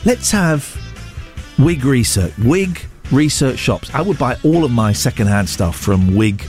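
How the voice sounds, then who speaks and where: A man's voice: mid-range voice, measured pace, soft background music. A man hosting a radio show, telling rambling jokey stories in casual chat. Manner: rambling, jokey, animated storytelling.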